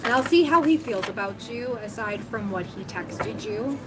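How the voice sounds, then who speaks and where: A woman's voice: fairly high pitch, lively intonation, normal speed, heavy background noise. A woman giving a livestream tarot reading, talking casually and thinking aloud with lots of fillers. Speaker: tarot reader. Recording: music playing under the voice.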